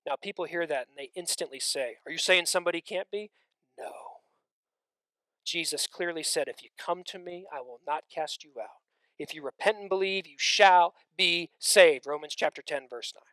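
A man's voice: fairly high pitch, normal speed, no room sound. Dynamic male preacher, dry close sound. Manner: swings between loud emphatic stretches and hushed, near-whispered lines; conversational asides to the congregation. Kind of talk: sermon.

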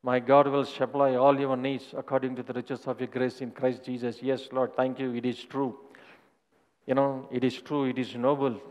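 Pasteur qui prêche dans une grande salle réverbérante. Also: male voice, mid-range voice, level tone, normal speed, darkish tone, in a large hall. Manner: earnest testimony, repeating phrases. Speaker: pastor. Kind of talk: sermon.

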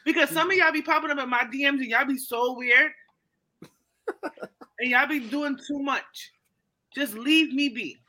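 Brief: bright, high-pitched woman in her thirties, blunt co-host, casual chat. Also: normal speed, pauses often. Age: 30s. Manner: blunt, laughing and teasing. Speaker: podcast co-host.

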